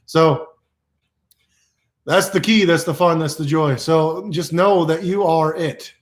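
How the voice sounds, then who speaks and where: A man's voice: on the high side, moderate pace. A man giving playful, repetitive self-help affirmations to camera, exuberant and goofy, laughing often.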